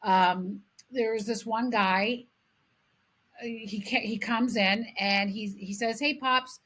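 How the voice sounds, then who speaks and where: A middle-aged woman from Canada co-hosting a podcast, telling animated stories in casual chat and swearing freely. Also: medium pitch, takes it slowly, husky. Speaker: podcast co-host.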